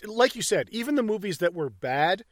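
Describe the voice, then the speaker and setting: A podcast co-host, a man, talks in blunt, profane casual chat and laughs often. His voice sits a little high, and the recording is dry and close. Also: sing-song, moderate pace, no echo.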